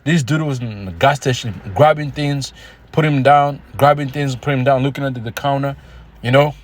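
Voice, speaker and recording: A man vlogging in a casual, animated rant, telling street stories full of profanity and quoting scripture. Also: medium pitch, moderate pace. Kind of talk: casual ranting monologue. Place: Australia.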